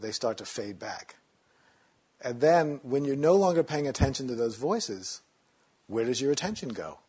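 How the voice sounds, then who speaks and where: A man teaching meditation in a relaxed, conversational way, sometimes acting out inner voices in a mocking tone. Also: mid-range voice, breathy edge.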